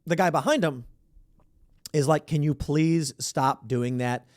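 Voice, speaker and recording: A man with a slightly high voice hosts a commentary podcast, speaking unhurriedly in a sarcastic, opinionated way and acting out the voices he quotes. The sound is clean studio audio with no room sound.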